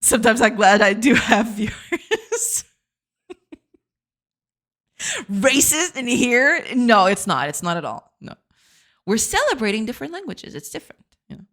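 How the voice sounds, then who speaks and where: A woman's voice: a little high, fairly bright tone. A woman streaming her game development, chatting casually with her viewers, giggly and reading chat aloud.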